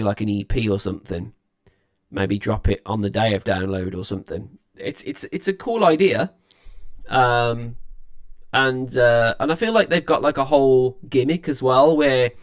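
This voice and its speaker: Young male reaction host, weary, rambling casual commentary. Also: mid-range voice. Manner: rambling, restarts often, chatty. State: tired, yawning.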